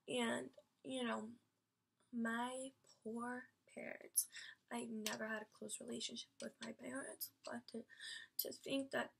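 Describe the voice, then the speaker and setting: A woman's voice: fairly high pitch, creaky, fairly bright tone, husky. A woman vlogger telling a personal story in an emphatic, rambling way, full of fillers and casual swearing.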